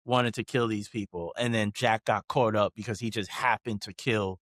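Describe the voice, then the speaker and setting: A man co-hosting a podcast, talking in a relaxed, casual way with lots of fillers. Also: on the low side, normal speed, no echo, studio quality. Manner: relaxed, conversational, many fillers. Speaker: podcast co-host. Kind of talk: casual chat.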